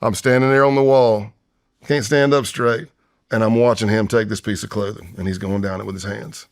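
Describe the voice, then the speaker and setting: A retired FBI undercover agent, a man in his fifties, is a guest on a podcast, telling a tense story in a long-form interview. He re-creates his own past voice and whispers, speaking at normal speed in a lowish voice with fairly even intonation.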